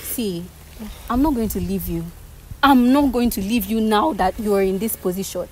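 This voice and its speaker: A woman's voice: mid-range voice, normal speed, poor audio. A woman in her twenties pleading emotionally with her boyfriend outdoors. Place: outdoors at a block-making yard.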